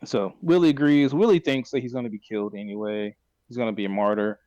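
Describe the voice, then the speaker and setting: A man's voice: lowish voice, fairly even intonation, fast talker, warm tone, no echo, dull audio. A man hosting a podcast, recapping a story in casual chat and often correcting himself mid-sentence. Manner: rambling, self-correcting retelling. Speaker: podcast host.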